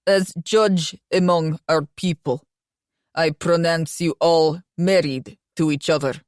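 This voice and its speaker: A woman voicing an older Russian man who officiates a wedding as judge, speaking slowly and formally in a thick Russian accent. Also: low-pitched, fairly even intonation, darkish tone, no room sound, studio quality.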